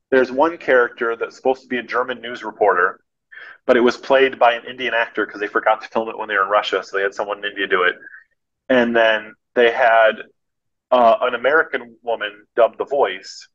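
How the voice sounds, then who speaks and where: A man, a podcast guest, telling animated anecdotes in a casual storytelling way. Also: medium pitch, dull audio.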